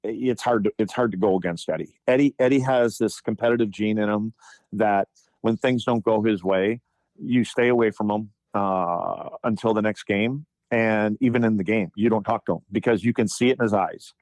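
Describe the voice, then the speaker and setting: A man in his fifties, a former hockey player, telling animated stories on a podcast with lots of restarts. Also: lowish voice, moderate pace, dry recording. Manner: animated anecdotes, frequent restarts and profanity in quotes. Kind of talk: casual storytelling chat.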